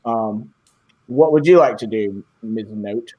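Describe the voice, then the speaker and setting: A man's voice: on the low side, slow pace, highs cut off. A man narrating as game master of a tabletop game, rambling with many fillers.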